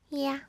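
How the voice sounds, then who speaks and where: A young woman in her twenties hosts a casual radio show, chatting in a playful, self-teasing way and sounding a little out of breath. Her voice sits somewhat high. The studio sound is dry and close. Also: a little mellow, dry recording. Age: 20s. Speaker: radio DJ and live stream host. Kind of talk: casual radio chat reading live comments. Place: small studio, in a Korean city.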